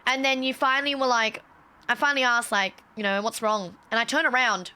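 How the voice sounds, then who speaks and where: A woman's voice: fairly high pitch, a little fast, pushed and bright, smooth. A young woman streamer telling a story casually on a livestream, swearing freely and acting out the quotes.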